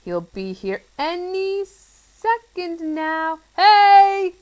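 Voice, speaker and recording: A woman voicing a cheerful, dotty man from a children's storybook who talks in an excitable, flowery, theatrical way. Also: very high-pitched, a little slow, pitched above the performer's own voice, exaggerated voice, poor audio. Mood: eager.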